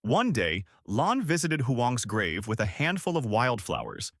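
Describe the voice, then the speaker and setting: A man's voice: mid-range voice, wildly swooping pitch, a little slow, dry recording, clean studio sound. A man narrating a sad first-person story in a dramatic, emotional way.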